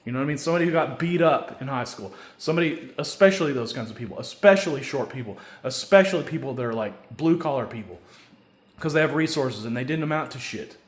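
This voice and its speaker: A man pours out a long, heated, foul-mouthed monologue, looping back to the same filler question again and again. His voice sits at an ordinary mid pitch and carries a roomy echo. At its peaks the anger breaks into shouting. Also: lively intonation, fast talker. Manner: angry, profane, repeats a stock filler question; builds to loud shouting at times. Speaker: vlogger. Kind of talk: rambling solo rant to camera. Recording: echoey room.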